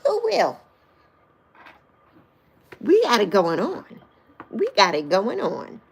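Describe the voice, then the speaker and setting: Lively, teasing woman in her sixties. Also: medium pitch, unhurried, vocal fry, noisy background. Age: 60s. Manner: playful, teasing, laughs often; reads and answers live chat comments. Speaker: livestream host. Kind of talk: casual livestream chat with viewers.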